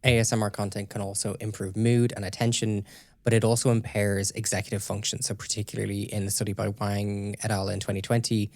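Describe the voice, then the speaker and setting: A man with a low, gravelly voice walks his co-host through research findings in relaxed podcast chat. He explains things steadily and checks in often to make sure she is following. The sound is dry and close. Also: brisk, no echo.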